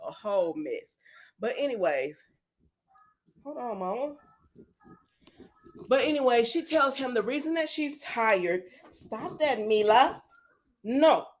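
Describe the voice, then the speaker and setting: A woman's voice: fairly high pitch, slow pace, long pauses. A woman casually recapping soap opera episodes, chatty and talking straight to her viewers with frequent asides. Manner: talkative, addresses viewers as y'all, frequent asides; lively, acts out quoted lines with laughs.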